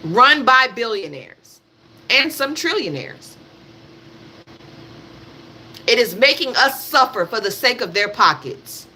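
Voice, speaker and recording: A woman's voice: on the high side, very animated, unhurried, sharp tone, a little hiss or hum. A woman hosting a live stream, giving blunt, emphatic political commentary. She repeats her points, swears freely and talks straight at her audience. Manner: addresses her audience directly. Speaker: livestream host.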